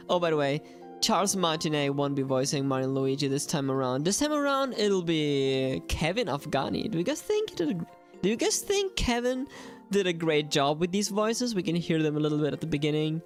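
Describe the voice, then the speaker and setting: A woman's voice: low-pitched, expressive, brisk, soft background music. A young adult woman hosting a live gaming stream, chatting animatedly and addressing her viewers directly.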